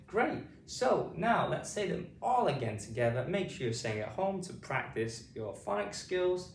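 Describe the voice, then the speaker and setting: A man with a British accent teaching phonics, drawing words out slowly and saying each sound with exaggerated care. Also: mid-range voice. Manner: lively, sing-song, exaggerated pronunciation. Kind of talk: slow, drawn-out phonics teaching. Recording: echoey room, distant mic, faint noise.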